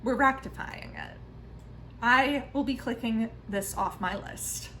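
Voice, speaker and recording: A woman in her thirties chatting casually in a book vlog, self-mocking and full of quick asides. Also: fairly high pitch, bright, forceful tone, slight background noise, low-quality recording. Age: 30s. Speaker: book vlogger.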